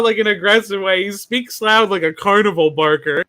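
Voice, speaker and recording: A man's voice: high-pitched, fairly quick, bright, forceful tone, no room sound. A man co-hosting a casual chat, rambling and explaining with animation. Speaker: podcast co-host.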